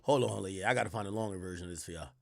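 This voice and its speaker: A man hosting a livestream, giving blunt, animated commentary and swearing freely. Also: low voice, rapid-fire, vocal fry, over a noisy crowd, very noisy. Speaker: streamer host.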